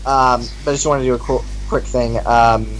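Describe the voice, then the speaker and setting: A man's voice: medium pitch, steady tone, fairly quick, faint music behind, poor audio. A man acting as game master, describing scenes in a loose, casual way. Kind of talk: narrating a tabletop game session.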